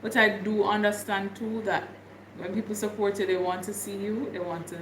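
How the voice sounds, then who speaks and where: A woman's voice: mid-range voice, steady tone, normal speed, roomy sound, background noise. A woman from Jamaica with a Jamaican accent, chatting casually with viewers on her livestream and laughing often. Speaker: livestream host.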